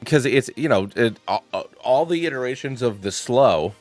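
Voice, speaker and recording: A man's voice: medium pitch, animated, moderate pace, no room sound, soft background music. A young man hosting a channel, talking through his picks in a rambling, playful way, with lots of fillers. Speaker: channel host. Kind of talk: casual gaming commentary.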